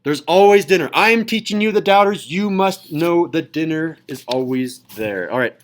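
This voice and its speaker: Young guy teaching math to a class, jokey, kinda high voice. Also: lively intonation, normal speed, slight background noise, low-quality recording. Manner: playful, jokey, upbeat. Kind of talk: classroom lecture.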